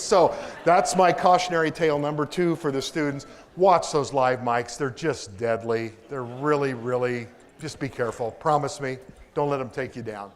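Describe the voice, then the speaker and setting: A man's voice: mid-range voice, fairly even intonation, moderate pace. Man from Kansas giving a lecture, enthusiastic and self-mocking, with a mid-range voice. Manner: enthusiastic, self-deprecating humor. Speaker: propulsion engineer giving a public lecture. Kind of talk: lecture with anecdotes. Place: lecture hall.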